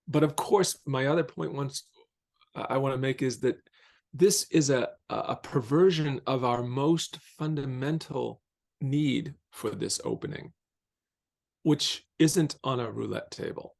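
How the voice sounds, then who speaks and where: Man, philosophy professor as guest, measured and thoughtful, gravelly voice. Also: medium pitch, darkish tone. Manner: thoughtful, measured, slows down on key phrases. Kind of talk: reflective conversational explanation.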